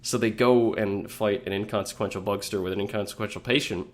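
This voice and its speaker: Guy with a lowish voice, rambling recap on a podcast, swears a lot. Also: steady tone, fairly quick. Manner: rambling, profane, laughs easily. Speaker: podcast co-host. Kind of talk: casual recap chat.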